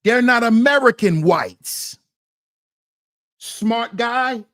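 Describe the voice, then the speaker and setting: A man's voice: sits high, animated, takes it slowly, fairly bright tone, dry recording, studio quality. A man hosting a livestream, reading chat comments aloud and answering them in an emphatic, mocking way that repeats phrases.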